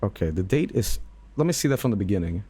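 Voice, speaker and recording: A man's voice: fairly low pitch, sing-song, fast talker, dark tone, slightly rough. A man streaming and reacting to videos in casual commentary, rambling with fillers, laughing and swearing.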